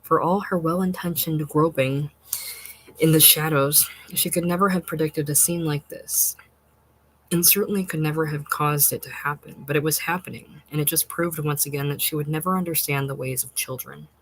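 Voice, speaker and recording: Short story reader, calm measured voice, medium pitch, takes its time. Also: slightly rough, poor audio. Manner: measured, unhurried, expressive. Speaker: narrator. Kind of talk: literary short-story reading.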